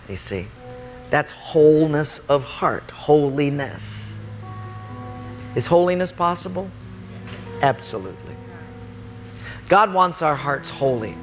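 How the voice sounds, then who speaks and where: A male pastor preaching a storytelling sermon, acting out scenes with big swings in pitch and loudness. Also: in a large hall.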